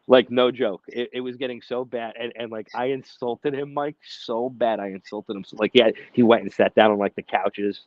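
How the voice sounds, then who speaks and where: A man co-hosting a casual podcast chat, telling animated, profane stories and acting out shouted quotes. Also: mid-range voice, normal speed, few pauses, no echo, highs cut off. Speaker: podcast co-host.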